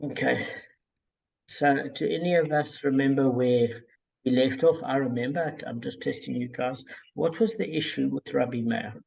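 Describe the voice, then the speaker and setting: A man leading a casual group study over a call, talking in a relaxed, digressive way with many fillers and a gravelly, husky voice. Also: medium pitch, normal speed, muffled recording. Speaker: Talmud study group leader.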